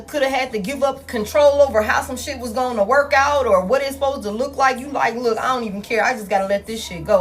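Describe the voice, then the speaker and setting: A woman doing a tarot reading for her viewers in casual, blunt, profane talk, calling them y'all. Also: sits high. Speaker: tarot reader. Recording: soft music in the background.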